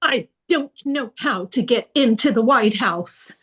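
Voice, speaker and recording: A woman performing an improvised comedy scene, switching between crew voices with a halting delivery. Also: on the high side, expressive, a bit bright, slightly rough.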